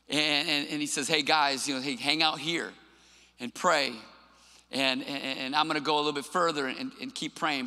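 High, gravelly-voiced man preaching a sermon. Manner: earnest, emphatic preaching. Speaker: pastor. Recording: long hall reverb with soft music.

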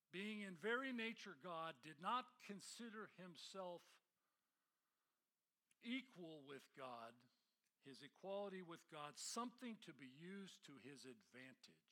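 A middle-aged man preaching, his voice fairly high and bright. He tells stories with lively energy, acting out the voices of the people in them and laughing at his own misadventures. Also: slow pace. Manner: animated storyteller, acts out voices, laughs at himself. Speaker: pastor. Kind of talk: sermon with personal storytelling.

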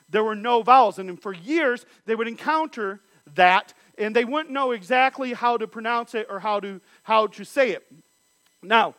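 A man's voice: high-pitched, sharp tone, no room sound. A man teaching a Bible study, reading scripture passages aloud and then explaining them.

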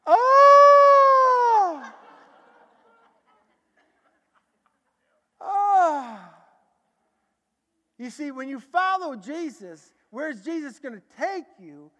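Male preacher, very high and bright voice, animated storyteller, echoey large hall. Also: a little slow, few pauses, highs cut off. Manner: animated, acts out dialogue in a lively way. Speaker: preacher giving a testimony. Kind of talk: sermon storytelling.

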